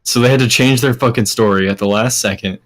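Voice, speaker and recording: A man co-hosting a casual gaming podcast over voice chat, blunt and quick to swear and laugh. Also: medium pitch. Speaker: podcast co-host.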